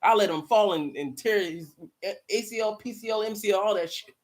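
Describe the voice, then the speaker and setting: A man hosting a live watch party, commenting casually and profanely on the game with excitable outbursts. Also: sits high, brisk. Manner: profane, excitable, bursts into mocking shouts. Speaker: live stream host.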